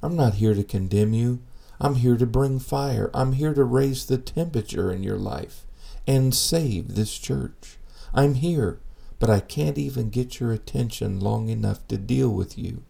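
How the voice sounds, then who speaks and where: A preacher voicing Jesus, gently pleading. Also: male voice, medium pitch, unhurried, gravelly, breathy edge, exaggerated voice. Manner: earnest, pleading. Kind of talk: sermon.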